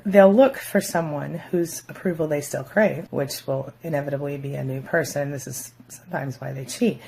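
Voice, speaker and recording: Frank woman vlogger, low gravelly voice, faint room hiss behind. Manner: frank, conversational, acts out quoted voices mockingly. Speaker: relationship advice vlogger. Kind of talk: casual advice talk to camera.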